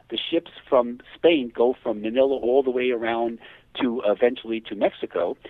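A man being interviewed as a hypnotherapist guest, telling cases in a lively way and acting out the quoted speech. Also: medium pitch, dry recording. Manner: animated, acts out quoted dialogue. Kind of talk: phone interview storytelling. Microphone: telephone. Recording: tinny dry phone line.

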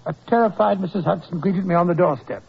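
An actor playing a brisk, proper doctor who narrates and comforts others, in 1940s radio acting. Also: male voice, sits high, vocal fry, slight background noise. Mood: narrating. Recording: dull old radio broadcast.

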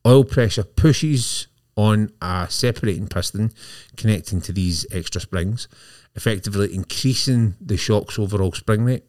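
On a casual motorbike podcast, a co-host with a lowish, darkish voice reads technical news at a normal pace, slipping jokes in between items. His podcast mic gives studio-quality sound with no room noise.

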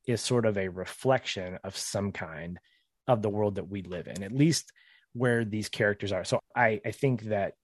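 Man, podcast co-host, low voice, dry close sound, casual recap chat, reflective, laughs often. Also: darkish tone, no echo. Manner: chatty and reflective, often laughs mid-sentence.

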